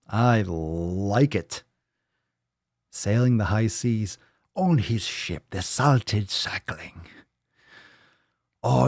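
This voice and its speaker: A man hosts a live show, rambling loosely and cracking crude jokes as he goes. His voice sits on the low side, and the recording is dry with no room sound. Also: darkish tone, no echo. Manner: rambling, joking, profane. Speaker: host. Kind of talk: casual livestream chat.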